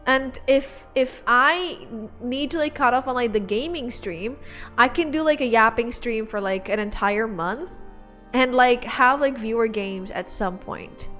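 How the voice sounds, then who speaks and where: A woman's voice: fairly high pitch, measured pace, a bit bright, soft background music. A woman streamer chatting casually with her viewers, giggling and rambling with lots of filler words. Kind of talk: casual livestream chat.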